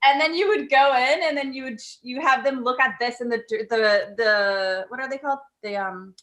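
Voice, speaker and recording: A woman's voice: a little high, normal speed, a bit bright. A woman on a reunion video call, chatting loosely about old memories and often searching for her words. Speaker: cast member guest. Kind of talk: casual reunion chat.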